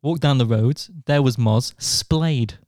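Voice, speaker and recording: A man's voice: medium pitch, slow pace, a little mellow, no echo, clean studio sound. A man co-hosting a casual podcast, telling rambling anecdotes and slipping into voices. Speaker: podcast co-host. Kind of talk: casual chat, storytelling.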